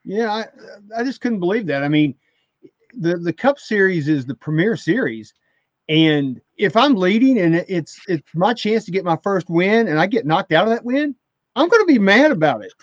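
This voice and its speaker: A man's voice: high-pitched, big pitch swings, moderate pace, no room sound. A man co-hosting a podcast, talking casually and full of opinions, ranting with hesitant restarts. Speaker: podcast co-host. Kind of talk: casual chat about racing. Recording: slightly dull lo-fi audio.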